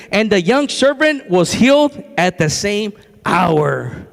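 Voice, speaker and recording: A man preaching a sermon in a church, talking in an excited, conversational way and repeating his phrases. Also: sits high, measured pace, vocal fry, long reverb tail. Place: church sanctuary.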